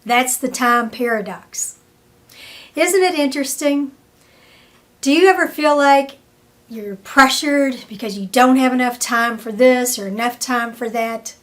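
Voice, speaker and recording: A woman presenting a weekly wellness tip, telling a story and acting out the people in it. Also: high-pitched. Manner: slow, storytelling, acts out quoted people.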